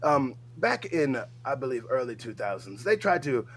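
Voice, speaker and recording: A pompous, stuffy gentleman holds forth in overly formal, mock-posh phrasing, as a man puts him on for laughs. His pitch climbs a little high and swings widely from word to word, and the manner stays haughty and faintly absurd throughout. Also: huge pitch swings, fast talker, slight background noise, heavily acted. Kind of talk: comedic bit on a livestream.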